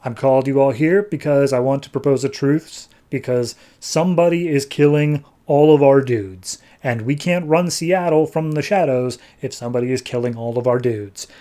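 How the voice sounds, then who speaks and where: A weary gang boss trying to call a truce, laid-back and dismissive, put on by a man in his own mellow voice. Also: medium pitch, normal speed, hardly any pauses, close to an everyday voice. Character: tough male gang boss calling a truce.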